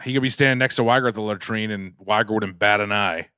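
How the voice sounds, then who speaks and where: A man's voice: lowish voice, quick pace, bright, forceful tone, clear, resonant tone, dry recording, clean studio sound. A man co-hosting a podcast, teasing and wisecracking with his friends. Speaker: podcast co-host. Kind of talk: casual podcast banter.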